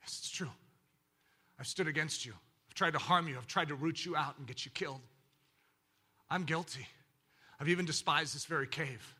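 A male pastor preaching a sermon in an animated way, swinging between loud emphasis and hushed, intimate moments. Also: fairly high pitch, moderate pace, long pauses, slightly rough.

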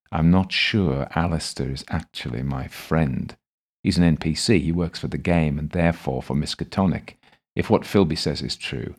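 A man calmly narrating a first-person audiobook story in a measured way. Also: extremely low pitch, breathy edge.

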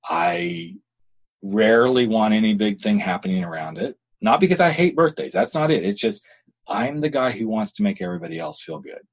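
Husky-voiced middle-aged man hosting. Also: fairly low pitch, brisk. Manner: expressive, candid storyteller. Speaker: podcast host. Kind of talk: casual podcast conversation.

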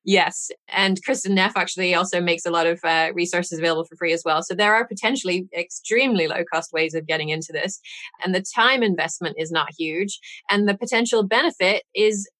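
A woman's voice: lowish voice, a little fast, sharp tone, dry recording. Thoughtful woman podcast host. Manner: thoughtful, analytical, laughs easily. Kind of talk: podcast interview.

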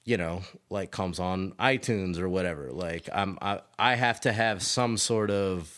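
A man's voice: low-pitched, measured pace, fairly bright tone. A man being interviewed about his work as a DJ, telling stories in a loose, profane, rambling way with frequent laughs. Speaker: DJ guest. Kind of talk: casual storytelling chat.

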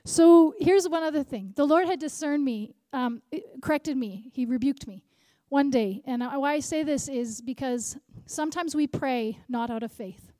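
A woman preaching at a conference, animated, repeating key lines and asking the crowd questions. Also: high voice, normal speed, hardly any pauses, no room sound, studio quality. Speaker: conference speaker. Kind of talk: sermon.

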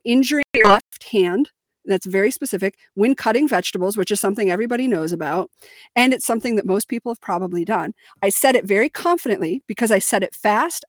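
A woman's voice: medium pitch, no echo. Woman podcast co-host, blunt and confident, dry recording. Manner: blunt, confident, swears freely. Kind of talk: casual podcast chat.

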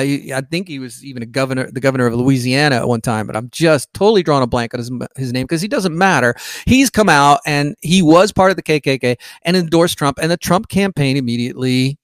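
A man's voice: medium pitch, no echo, clean studio sound. A man hosting a podcast, talking in a sarcastic, indignant monologue, full of restarts, while sick in bed. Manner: indignant, sarcastic, mocks opponents in quoted voices. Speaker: podcast host. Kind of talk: casual political monologue.

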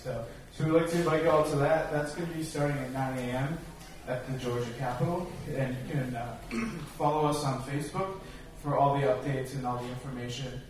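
A man's voice: medium pitch, steady tone, brisk, hardly any pauses. A man organizer speaking at a rally, announcing events with some hesitant restarts. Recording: echoey, distant, noisy.

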